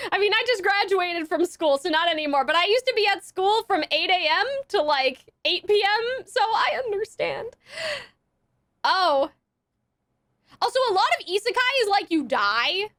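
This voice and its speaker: A young woman with a very high, bright voice talks through an anime episode as she watches it. Her chat is loose and giggly, packed with fillers. The sound is dry and close, with no room around it. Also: no room sound. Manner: chatty, giggly, lots of fillers. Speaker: anime reaction youtuber. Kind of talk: casual reaction commentary.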